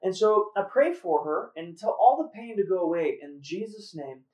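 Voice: medium pitch, lively intonation, normal speed, a little mellow. A host telling a faith story in a casual, earnest way, with fillers and restarts. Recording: roomy echo, far from mic.

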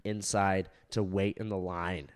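A man's voice: deep voice, little pitch movement, a little slow, clear, resonant tone. A young man, a stand-up comedian, telling a casual story, profane and laughing, with many fillers.

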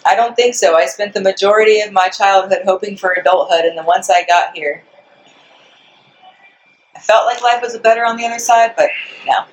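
A woman being interviewed on a casual podcast outdoors. She answers in short, dry phrases and slips in deadpan jokes. Her voice sits at an ordinary middle pitch. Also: moderate pace, long pauses, low-quality recording. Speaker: interview guest. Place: outdoors in front of a store.

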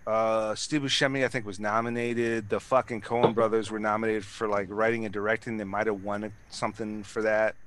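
A man's voice: on the low side, level tone, a little fast, hardly any pauses, a bit bright, smooth. A man in casual chat, rambling and swearing, with many restarts and fillers.

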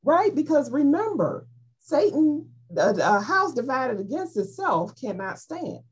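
A woman leading an informal Bible study, animated and playful as she explains scripture. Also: high-pitched, measured pace. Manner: animated, playful, acts out voices in quotes. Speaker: Bible teacher.

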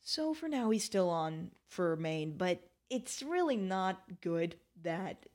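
Chatty low-voiced woman podcast host. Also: very animated, takes it slowly, darkish tone. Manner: chatty, opinionated, laughs often. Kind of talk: casual political commentary.

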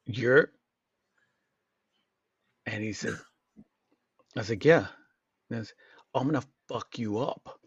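A man's voice: mid-range voice, slow, long pauses, breathy edge, dry recording. A man co-hosting a podcast, telling a story in casual chat, swearing often and acting out what people said. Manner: animated, swears a lot, acts out quotes in shifting voices. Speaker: podcast co-host. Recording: dull lo-fi sound.

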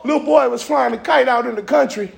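A man preaching a fiery sermon as a visiting pastor in a church, driving call-and-response runs and shouting the peaks. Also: very high voice, fairly quick, creaky. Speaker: guest preacher. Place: church sanctuary with congregation.

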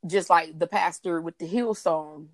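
A woman co-hosts a relaxed faith talk broadcast in a fairly low voice. She chats freely, laughs often and restarts sentences as she goes. The sound is dry and close, with no room around it. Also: measured pace, no room sound. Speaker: podcast co-host. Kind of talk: casual faith talk chat.

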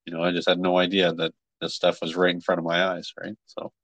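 A man hosting a podcast, talking in a relaxed, rambling way with many fillers. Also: deep voice, fast, no echo, highs cut off. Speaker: podcast host. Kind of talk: casual chat.

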